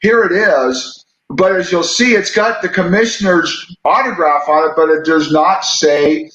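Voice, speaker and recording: A man, a sports reporter co-hosting a talk show, telling stories in a relaxed, chatty way. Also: high voice, measured pace, highs cut off. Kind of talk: casual chat storytelling. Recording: echoey room.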